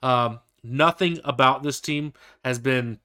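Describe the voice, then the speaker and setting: A man's voice: medium pitch, slow pace, bright, forceful tone. A young man co-hosting a casual sports podcast, rambling with hesitant restarts and fillers. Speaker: podcast co-host.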